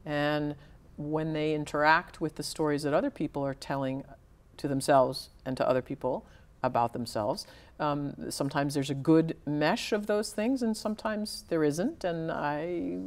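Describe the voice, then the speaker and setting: A woman novelist speaking as a guest in a conversational interview, thoughtful and searching for words with small restarts. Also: low-pitched.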